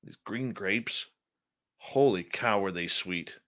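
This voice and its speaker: A man's voice: fairly low pitch, slow, fairly bright tone. A man hosting a radio talk show, chatting casually and reading out the live chat, sounding tired and yawning.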